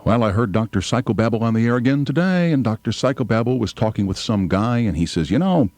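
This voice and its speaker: A man's voice: fairly low pitch, expressive, fast talker, a little mellow, dry recording. A man in his fifties, a talk radio host making casual, wry off-air remarks at a studio microphone. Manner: wry, conversational, gruff asides.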